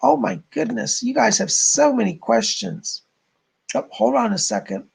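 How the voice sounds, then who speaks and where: Gravelly, husky man giving psychic readings. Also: very high voice, animated, measured pace. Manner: soft, relaying spirit messages, warm thanks to donors. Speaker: psychic medium host. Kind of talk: live-stream psychic readings.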